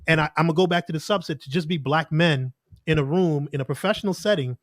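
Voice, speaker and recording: Speaking fast in a voice on the high side, this man is a podcast guest recorded at studio quality with no echo. In casual conversation, his earnest storytelling is sprinkled with "like" and quoted asides.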